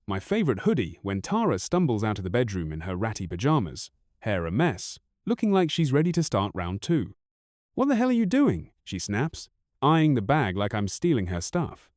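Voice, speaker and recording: A man's voice: on the low side, very animated, normal speed, darkish tone, no room sound, clean studio sound. A man in his thirties narrating a first-person story in a bitter, raw, profane way.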